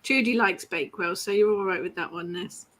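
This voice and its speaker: A woman's voice: mid-range voice, a little fast, fairly bright tone, slight background noise. A woman hosting a casual online gathering, reading out comments and chatting, laughing often. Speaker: ritual host.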